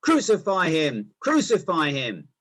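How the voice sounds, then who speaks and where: Angry insistent mob, read by a man, husky and high. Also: animated, normal speed, a bit bright. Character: angry shouting crowd.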